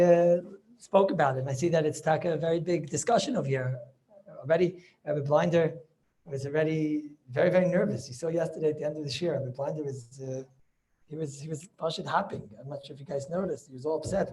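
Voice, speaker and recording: Over a video call, a man with a slightly high, mellow voice leads a relaxed class as a rabbi. He's chatty and mixes Yiddish and Hebrew study terms into his speech.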